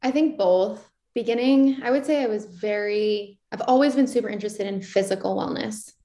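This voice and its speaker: A candid young woman talks as an interview guest at a middle pitch. She acts out her own inner questions in a lively way. Her voice carries the echo of a roomy space. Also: moderate pace. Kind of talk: casual reflective interview talk. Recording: roomy echoey sound.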